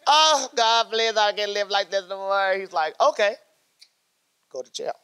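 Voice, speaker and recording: A woman's voice: medium pitch, fairly bright tone, clean tone. A woman telling her personal faith story in a candid, emotional way, acting out what she said and prayed back then. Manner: emotional, acts out her own past words, quick bursts. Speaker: guest, sister-in-law. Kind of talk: personal testimony.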